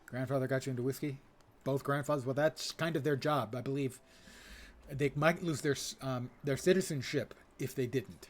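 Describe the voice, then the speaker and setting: A man's voice: medium pitch, moderate pace. An older man streaming a fantasy game, chatting casually with dry, digressive humor. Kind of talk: casual chat while playing.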